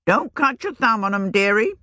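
A woman voicing a shrewd, earthy old village witch who talks in a rustic, old-fashioned country way, her pitch raised and wavering. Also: big pitch swings, moderate pace, pushed and bright, no echo. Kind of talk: audiobook reading.

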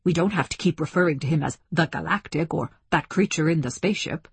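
A woman voicing a courteous male scholar who talks in a formal, measured way. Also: sits low, breathy edge, no echo, exaggerated voice. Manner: formal, polite.

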